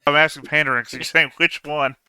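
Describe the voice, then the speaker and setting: A man chatting casually with fellow tabletop players, animated and profane, laughing as he rants. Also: on the high side, fast talker, clean tone, faint music behind. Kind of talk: casual chat between game sessions.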